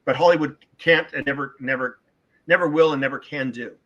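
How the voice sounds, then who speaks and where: A man's voice: medium pitch, fairly quick, a bit bright, dull audio. A middle-aged man talking as a guest author in a casual podcast interview, emphatic and opinionated, repeating words for stress.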